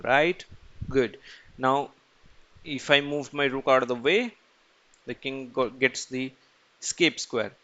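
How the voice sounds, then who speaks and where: A man's voice: medium pitch, sharp tone, lo-fi sound. A man teaching chess in a casual screen-recorded tutorial, asking and answering his own questions as he goes.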